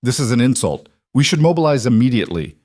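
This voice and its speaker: A man reading a storybook aloud, voicing a hot-headed male council member speaking in an angry, rushed way. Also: medium pitch, sing-song, darkish tone, no room sound, clean studio sound, pitched above the performer's own voice. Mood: furious.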